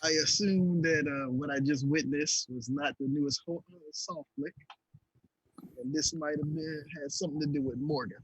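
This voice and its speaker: Husky man playing a tabletop game. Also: a little high, steady tone, normal speed, dry recording, rough recording. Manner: casual, speaks his character's actions aloud. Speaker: player.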